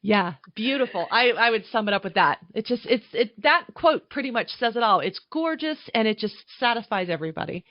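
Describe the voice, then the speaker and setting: A woman on a video call, talking through her points with thoughtful pauses in casual chat. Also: on the high side, animated, dry recording. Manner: thoughtful, lists facts with pauses. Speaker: wine podcast guest. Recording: dull, dry video call audio.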